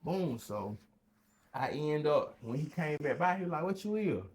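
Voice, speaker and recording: A young man telling a story casually on a podcast, acting out voices with sudden loud high bursts. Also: animated, moderate pace.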